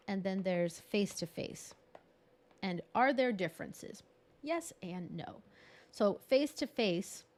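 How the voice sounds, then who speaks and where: In a medium-pitched, slightly mellow voice, a woman presents a live online workshop over a video call. She grew up bilingual in English and Spanish, and her style is chatty and encouraging, with laughter at her own expense.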